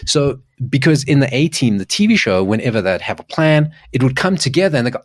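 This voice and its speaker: A man's voice: mid-range voice, fast. A man from South Africa co-hosting a casual chat show, telling stories with lots of restarts and asides. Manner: animated, rambling storytelling with restarts. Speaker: podcast co-host.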